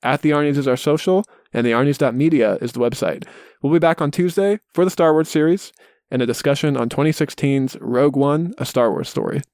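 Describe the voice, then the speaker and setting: Easygoing male podcast host, mid pitch, dry close-miked sound. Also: a little fast, a little mellow, no echo. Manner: easygoing, wraps up with plugs. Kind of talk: casual movie review chat.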